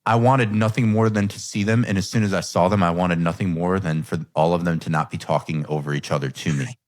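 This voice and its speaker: A man's voice: deep voice, fairly even intonation, a little fast, dry recording, studio quality. A man hosting a coaching podcast, telling a personal story in a candid, reflective way. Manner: candid, reflective, quotes his own thoughts. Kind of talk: earnest conversational storytelling.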